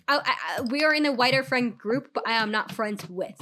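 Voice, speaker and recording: A young woman streaming a game and chatting casually, full of fillers, her voice rough from recovering from an illness. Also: fairly high pitch, brisk, few pauses. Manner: chatty, many fillers, animated retelling. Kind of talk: casual storytime while gaming.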